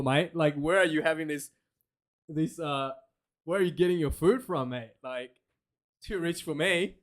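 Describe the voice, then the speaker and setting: Streaming a match with laid-back live commentary, this man speaks in a slightly high voice. He keeps up a joking, talkative flow and often erupts into loud rants of disbelief.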